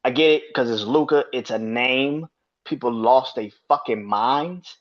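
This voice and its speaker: A man's voice: medium pitch, measured pace, lo-fi sound. A man hosting a sports podcast, ranting in a profane, heated way and repeating himself when worked up. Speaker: podcast host. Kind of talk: casual sports rant.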